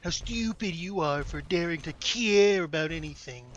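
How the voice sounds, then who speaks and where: A man's voice: on the high side, normal speed, a bit bright, dull audio, lightly acted. A man putting on a contemptuous, taunting voice as a smug male villain from a game, sneering at the player. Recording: noisy gameplay recording.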